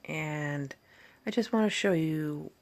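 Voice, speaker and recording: A woman vlogging at home while recovering from surgery, tired and in pain, talking in a halting, rambling way full of fillers and restarts. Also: deep voice, darkish tone. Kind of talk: casual recovery vlog. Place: at home, sitting in bed.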